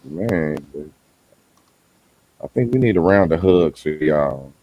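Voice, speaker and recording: Deep-voiced teasing man on a panel. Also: expressive, takes it slowly, muffled recording. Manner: teasing, irreverent. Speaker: podcast panelist. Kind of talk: casual panel discussion.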